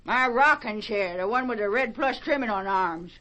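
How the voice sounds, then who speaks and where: An actress playing a sharp-tongued frontier woman in a 1940s radio drama, scolding in folksy insults. The old recording hisses noticeably. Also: a little high, lively intonation, moderate pace, muffled recording, close to an everyday voice. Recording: noisy 1940s radio transcription.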